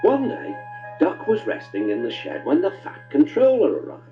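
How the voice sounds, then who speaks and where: A man narrating a children's story with expressive, swooping delivery. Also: normal speed, phone-quality sound, soft background music. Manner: warm, expressive storytelling with big pitch swings.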